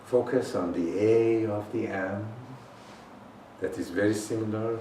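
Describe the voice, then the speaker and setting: A man leading a guided meditation as a healing teacher, intoning slowly and deliberately with long pauses. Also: fairly low pitch, steady tone, mellow. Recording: roomy echo, voice far from the mic, faint noise.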